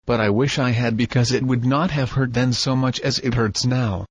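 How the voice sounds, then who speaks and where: A man reading the part of a young granddaughter in a storybook, softly and with a choked, husky voice. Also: mid-range voice, steady tone, normal speed, dry recording, highs cut off, lightly acted. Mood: grieving. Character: young granddaughter, grieving and gentle.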